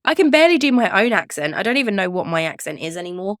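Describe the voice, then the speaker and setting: A woman's voice: medium pitch, sing-song, fast talker, a bit bright, dry recording, studio quality, faint music behind. A woman with an Essex accent co-hosting a podcast in casual chat, chatty and self-mocking. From England. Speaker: podcast co-host.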